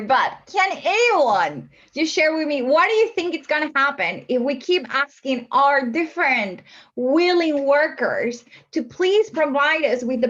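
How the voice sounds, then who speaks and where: A woman's voice: high-pitched, a bit bright. A woman facilitating a casual group discussion, asking questions hesitantly with many fillers, on muffled lo-fi audio. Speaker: workshop facilitator.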